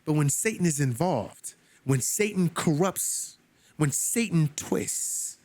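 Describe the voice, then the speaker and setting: A man's voice: animated, takes it slowly, a little mellow, no room sound. A man leading a Bible study, reading scripture and commenting on it in an emphatic, preacherly way, with casual asides to his listeners. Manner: emphatic, preacherly, pitch climbing on stressed words.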